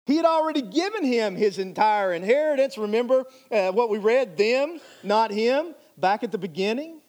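A high-voiced male pastor delivers a sermon. He speaks earnestly and emphatically and drives his points home by repeating phrases. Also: expressive, fairly quick, darkish tone.

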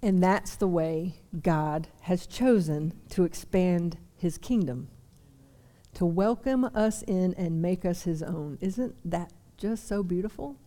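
A woman's voice: lowish voice, takes it slowly, dark tone. A young woman preaching a sermon to a seated congregation, chatty with self-deprecating asides. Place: church service before a seated audience.

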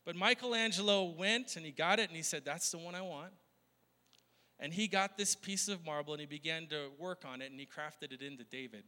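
A man's voice: on the high side, brisk, few pauses, sharp tone. A male pastor preaching a conversational sermon, often laughing and asking the crowd questions. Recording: long hall reverb.

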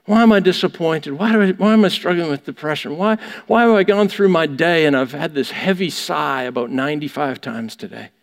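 Preaching in a church sanctuary, a pastor presses his points through rhetorical questions. His fairly high voice moves briskly with few pauses, and the sound has a big-room quality.

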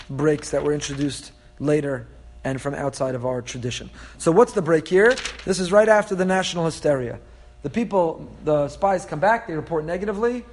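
Rabbi teaching Torah: high male voice, animated, explanatory, full of Hebrew terms. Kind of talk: Torah class lecture.

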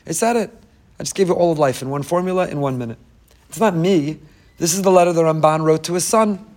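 A man teaching a lively Torah lecture, emphatic and repeating key phrases, with joking asides to his listeners. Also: on the high side, fast. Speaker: rabbi teaching a class.

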